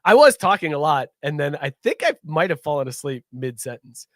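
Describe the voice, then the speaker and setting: A man's voice: fairly high pitch, sing-song, brisk, no echo, studio quality. A man hosting a sports podcast in casual chat, rambling and laid-back, laughing often. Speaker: podcast host.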